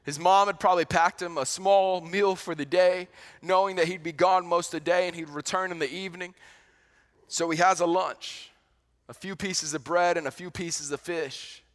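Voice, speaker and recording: A man preaching a sermon as a pastor in a conversational, animated way, often restarting and repeating words. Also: high-pitched, moderate pace.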